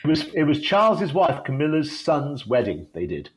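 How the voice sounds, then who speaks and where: A man's voice: on the high side, very animated, moderate pace. A Welsh man, a guitarist, chatting casually in an interview, rambling with many restarts and fillers. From Wales. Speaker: guitarist in a band, guest.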